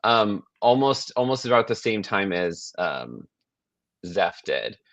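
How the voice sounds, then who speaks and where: A man co-hosting a podcast in casual chat, rambling and animated, often restarting sentences and swearing. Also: fairly low pitch, slow pace, no room sound. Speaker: podcast co-host.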